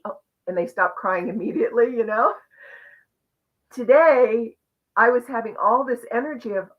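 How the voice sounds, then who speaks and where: A woman hosting a live online conversation, sharing a personal journey in an earnest, reflective, expressive way over a video call. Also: a little high, moderate pace. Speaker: host. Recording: muffled lo-fi audio.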